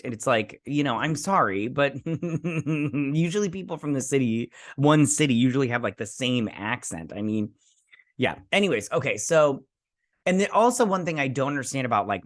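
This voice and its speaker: A man hosting his own channel, giving a casual, rambling review and recap of a TV episode with frequent asides. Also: medium pitch.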